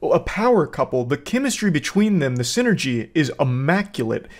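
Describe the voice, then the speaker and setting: A man hosting reaction commentary, heaping deadpan, profane mock praise. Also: fairly high pitch, normal speed. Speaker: commentary host.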